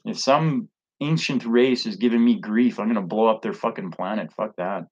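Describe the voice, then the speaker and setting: A man's voice: on the low side, normal speed, slightly rough, dull audio. A man ranting casually to camera as a vlogger, blunt, profane and rambling.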